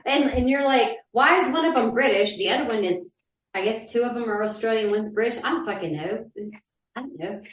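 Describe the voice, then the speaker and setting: A woman, co-hosting a casual podcast, blunt and animated. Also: a little fast, echoey room, far from the mic. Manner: animated, swinging pitch, blunt and profane. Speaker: podcast co-host. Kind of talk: casual chat.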